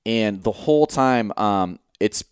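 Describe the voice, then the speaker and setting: A man co-hosting a podcast, telling a hunting story in casual chat, animated and swearing freely as he acts out what he was thinking. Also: fairly low pitch, slow pace, clean tone, dry recording, clean studio sound. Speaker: podcast co-host.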